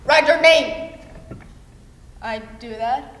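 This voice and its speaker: A young woman voicing a harsh, cruel middle-aged mother who scolds with sharp contempt, in an echoey hall. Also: high voice, drawn-out words, exaggerated voice. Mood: instructing.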